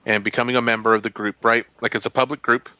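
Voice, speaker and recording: Bright, curious man host, dry sound. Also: mid-range voice, level tone, fast, smooth, no echo. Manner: curious, asks lots of questions. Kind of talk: casual chat. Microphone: video call.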